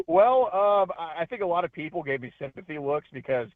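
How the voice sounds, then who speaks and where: A man's voice: on the high side, moderate pace, no echo. Man telling a story over the phone. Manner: animated storytelling, frequent fillers. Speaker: guest, independent journalist. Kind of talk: phone interview on talk radio. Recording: tinny phone line.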